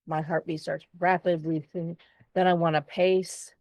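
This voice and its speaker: A woman's voice: fairly low pitch, flat delivery, a little slow, a little mellow, no echo. A woman co-hosting a podcast, talking candidly and expressively in casual chat, swearing freely. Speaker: podcast co-host.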